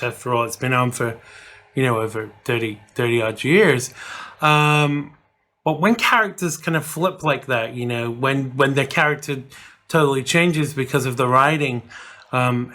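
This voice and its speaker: Chatty man with a bright voice. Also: medium pitch. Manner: chatty, rambling, with many fillers and restarts. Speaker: vlog host. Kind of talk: casual chat to camera.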